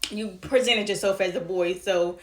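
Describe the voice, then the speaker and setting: A woman casually telling a personal story, chatty and animated, acting out what people said. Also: mid-range voice, moderate pace, reverberant. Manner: animated, acts out dialogue in the story; chatty, frequent fillers like "like" and "you know". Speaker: storytime vlogger.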